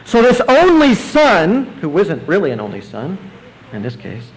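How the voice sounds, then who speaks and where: A man preaching a sermon, explaining scripture verse by verse and rising now and then to emphatic, excited bursts. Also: high-pitched, measured pace, low-quality recording. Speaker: pastor.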